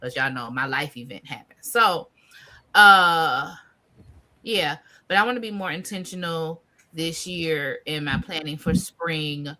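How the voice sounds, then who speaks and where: A woman hosting a casual garden chat, laughing often and talking in relaxed slang. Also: deep voice, measured pace. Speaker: podcast host.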